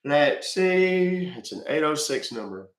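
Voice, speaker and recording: A man's voice: on the high side, sing-song, slow, echoey room. Chatty man hosting a livestream. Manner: chatty and loose, swears freely. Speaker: livestream host. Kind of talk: casual livestream chat.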